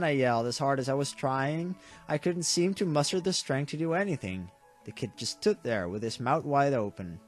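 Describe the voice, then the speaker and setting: A man reading a visual novel aloud with dramatic delivery and quick reactions. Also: mid-range voice, lively intonation, soft background music. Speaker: game streamer.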